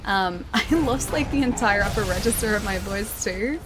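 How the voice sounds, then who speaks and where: A woman streaming a video game, chatting casually and thanking viewers, her voice hoarse as it recovers. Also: medium pitch, normal speed, over music. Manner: chatty, thanks viewers, reacts excitedly to the fight. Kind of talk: casual live-stream chat while playing.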